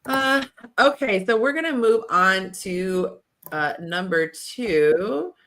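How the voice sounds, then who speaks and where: Bright-voiced woman hosting a chat show. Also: medium pitch, expressive, takes it slowly. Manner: chatty, self-deprecating, laughs between thoughts. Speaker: podcast host. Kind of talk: casual chat.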